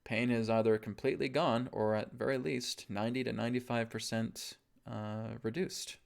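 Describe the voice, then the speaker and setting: Gravelly-voiced man teaching calmly. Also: mid-range voice, normal speed. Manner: calm, instructive, checks in with "okay?" often. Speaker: spiritual teacher. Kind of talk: live webcast teaching.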